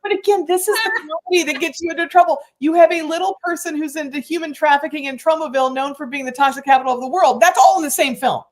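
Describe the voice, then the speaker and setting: A woman co-hosting a movie podcast, recapping a film in an animated, chatty way. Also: high-pitched, fast talker, hardly any pauses. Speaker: podcast co-host. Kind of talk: casual movie discussion.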